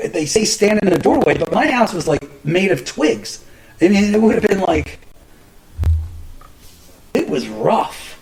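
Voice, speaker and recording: A man's voice: sits high, expressive, unhurried, long pauses, a little mellow, poor audio. A middle-aged man hosting a podcast, telling rambling stories in casual chat, cursing often and restarting his sentences. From New Jersey. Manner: rambling, profane, many restarts and fillers. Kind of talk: casual storytelling monologue.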